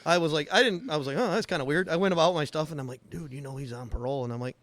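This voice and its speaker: A man's voice: on the high side, very fast. A man co-hosting a podcast who tells shop stories in casual chat, acting out the quotes. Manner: animated storyteller, acts out quotes. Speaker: podcast co-host.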